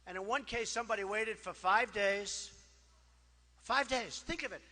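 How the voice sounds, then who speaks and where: A man's voice: high voice, moderate pace, pushed and bright. A man giving a campaign rally speech in a boastful, repetitive, conversational way, with many asides. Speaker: political candidate. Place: large rally hall. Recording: long hall reverb from PA.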